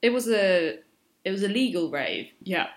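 A woman's voice: mid-range voice, animated, normal speed. A woman co-hosting a casual chat show, teasing her co-host and laughing easily. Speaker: co-host, bookshop worker.

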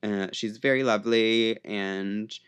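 A man's voice: on the low side, fairly even intonation, slow pace, a bit bright, clear, resonant tone. A man co-hosting a podcast in casual chat, teasing and laughing often. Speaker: podcast co-host.

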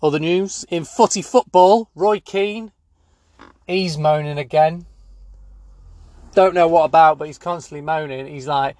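A man hosting a spoof news segment, rambling deadpan with many fillers. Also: a little high, measured pace, pauses often, no echo. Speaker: comedy news host.

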